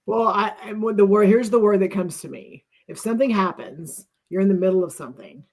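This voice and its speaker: A woman's voice: medium pitch, fairly quick. A middle-aged woman co-hosting a talk, telling a personal story in an earnest, reflective way and often restarting her sentences.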